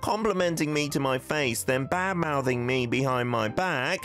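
A man's voice: mid-range voice, normal speed, a bit bright, soft background music, voice pushed up, lightly acted. A man voicing an indignant young man in a skit, confronting a friend who bad-mouthed him.

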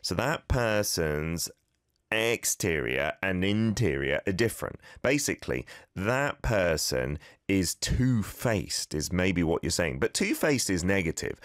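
A man's voice: fairly low pitch, no echo, studio quality. A man hosting a casual radio language lesson, chatty and self-deprecating as he breaks down a phrase step by step.

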